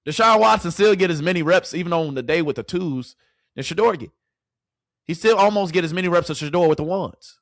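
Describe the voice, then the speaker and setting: Man, fan commentary stream, ranting, rhetorical questions, somewhat high pitch, dry recording. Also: a little fast, a bit bright, dry recording. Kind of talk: heated fan commentary to a live chat.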